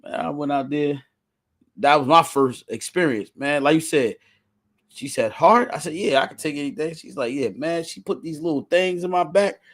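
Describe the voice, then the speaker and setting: A man in a casual chat, animated and slangy, often repeating words as he talks. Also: on the high side, moderate pace.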